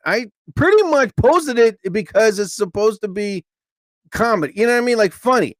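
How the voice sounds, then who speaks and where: A middle-aged man hosting his own live stream, chatting casually and acting out what people said in high, mocking voices. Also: brisk, no room sound, clean studio sound. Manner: animated, acts out quotes in high voices.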